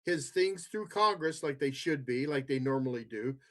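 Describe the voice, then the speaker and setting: A man's voice: medium pitch, expressive, normal speed, fairly bright tone. A man co-hosting a podcast in casual political banter. He talks bluntly, with hesitant fillers and repeated words. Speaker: podcast co-host.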